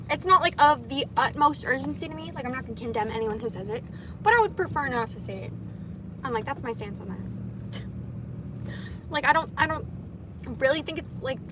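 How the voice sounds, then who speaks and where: A young woman livestreaming casually from her car, swearing and muttering at other drivers as she looks for parking. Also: high voice. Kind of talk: casual live stream chat while driving. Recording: loud car noise behind voice. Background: car and road noise.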